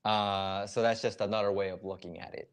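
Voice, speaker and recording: Male stream host with a lowish voice, casual and explanatory, lots of fillers. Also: flat delivery, a little fast, clean tone. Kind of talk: casual live reaction stream, explaining slang. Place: lives in Ecuador.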